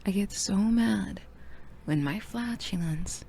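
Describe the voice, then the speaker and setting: A woman's voice: mid-range voice, slow pace, creaky, dark tone, slight background noise. A young adult woman streamer in casual, crude, joking chat, often half-whispering.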